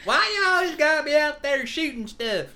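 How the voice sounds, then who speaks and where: A woman voicing a shrill, scolding old backwoods woman, hollering at her family. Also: lively intonation, moderate pace, pushed and bright, heavily acted. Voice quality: hollering, twangy.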